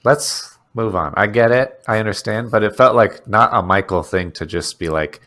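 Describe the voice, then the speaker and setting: A man's voice: on the low side, normal speed, pushed and bright. A man co-hosting a casual podcast, laid back and mostly agreeing with short replies. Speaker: podcast co-host.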